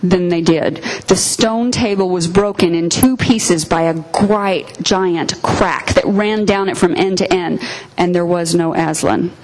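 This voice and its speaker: A woman giving a sermon, retelling and reading a story in an earnest, expressive way. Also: on the low side, a little slow, low-quality recording. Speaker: preacher.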